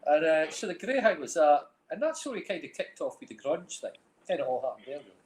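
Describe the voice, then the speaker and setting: A middle-aged man with a Dundee Scottish accent tells long, rambling stories as an interview guest. His voice sits a little high for a man, and he keeps dropping in "like, you know." The recording has a roomy echo. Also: sing-song, quick pace, a little mellow. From Scotland. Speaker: guest, film director and music manager. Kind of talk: casual chat.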